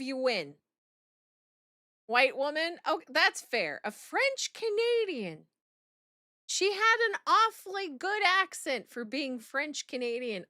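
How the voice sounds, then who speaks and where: A woman's voice: high-pitched, sharp tone, dry recording, clean studio sound. A woman streamer chatting through a game reaction in a blunt, profane, giggly way.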